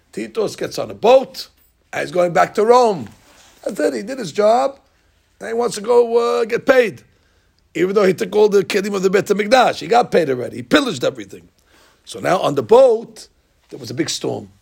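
A man teaches a Talmud class, retelling old stories with lively energy and acting out the lines. His voice is rough and gravelly, with a husky edge. It sits fairly high for a man. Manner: animated storyteller, acting out lines with rising shouts. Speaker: Torah teacher.

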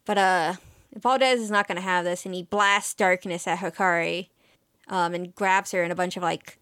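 Chatty woman, smooth dry voice. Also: on the low side, fairly even intonation, normal speed, fairly bright tone, no room sound. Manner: chatty and emotional, with many fillers and quoted lines. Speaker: podcast co-host recapping an anime episode. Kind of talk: casual chat.

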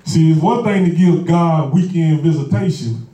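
Man, sermon, high voice, folksy and repetitive, swells into shouts, echoey church, mic set far off. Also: normal speed. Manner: folksy, repetitive preaching that builds to shouted exhortation. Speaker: preacher. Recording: echoey room picked up from a distance.

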